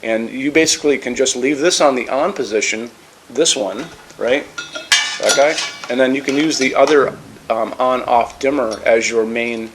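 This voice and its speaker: Male product presenter, casual and eager, restarts often, mid pitch, faint kitchen clatter behind. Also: moderate pace, noisy background. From United States. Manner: casual, enthusiastic, many fillers and restarts. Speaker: lighting store presenter. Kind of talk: product demonstration.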